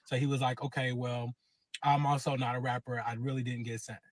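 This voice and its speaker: A man, casually telling a long personal story and acting out every quote with lively cursing. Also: medium pitch, fairly quick, no echo. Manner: animated, acts out quotes with cursing. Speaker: guest telling his story.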